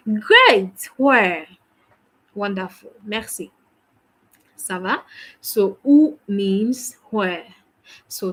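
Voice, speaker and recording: A woman's voice: mid-range voice, a bit bright, low-quality recording. A woman teaching a French lesson, patiently drilling phrases and praising each answer. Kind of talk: language lesson.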